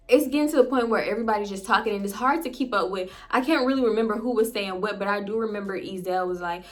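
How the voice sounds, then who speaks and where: A young woman, casually telling a story to her viewers and acting out her friends' lines in quick quotes. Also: medium pitch. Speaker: storytime YouTuber.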